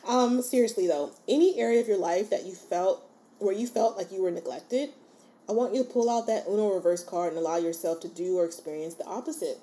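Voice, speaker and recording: Woman, solo podcast host. Warm and mellow, chatty, encouraging, keeps checking in with listeners. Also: mid-range voice, a little fast. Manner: chatty and informal. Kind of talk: casual solo podcast talk.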